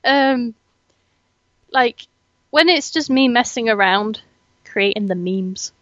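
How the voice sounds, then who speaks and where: Giggly young woman, higher voice. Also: takes it slowly, no echo, muffled recording. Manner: giggly, chatty, self-deprecating. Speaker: host, student. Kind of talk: casual chat.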